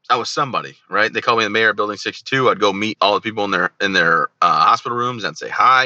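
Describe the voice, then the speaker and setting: A man in his thirties speaks low and forcefully, pressing his words with a tense edge. He tells his own story in an animated way and slips into lively bits of remembered dialogue. The sound is dry and a little dull and lo-fi. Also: no room sound. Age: 30s. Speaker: interview guest, army veteran. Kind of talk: candid personal storytelling.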